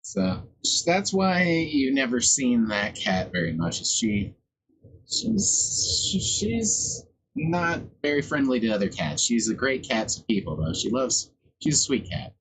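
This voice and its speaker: A man's voice: medium pitch, very animated, a little slow, a bit bright, poor audio. A man livestreaming while working on a song, chatting in a loose, rambling and profane way. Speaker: livestreamer making music. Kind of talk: casual live-stream chat.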